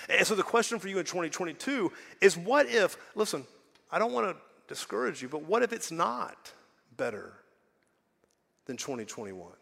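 A middle-aged pastor delivers a sermon to his congregation in a church sanctuary, keeping it relaxed and conversational. He asks rhetorical questions and shifts between hushed, quiet passages and louder, emphatic lines, his high, gravelly voice moving at a moderate pace. A long hall reverb trails his words.

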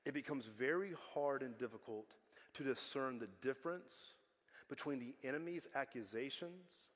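A male pastor delivers a sermon in a church sanctuary, with an emphatic and repetitive style. His voice sits slightly high for a man, and his volume swings between full-voiced exhortation and quiet intensity. A long reverb from the hall trails after his lines. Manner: emphatic, repetitive preaching, swings from loud to hushed.

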